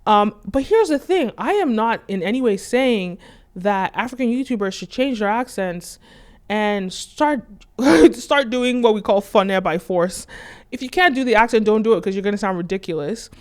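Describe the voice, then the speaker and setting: A woman's voice: mid-range voice, lively intonation, normal speed. Woman host just talking it through, medium voice, lots of "like" and "right?". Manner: conversational, leans on "right?" and "like". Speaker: channel host. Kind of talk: casual explanatory commentary.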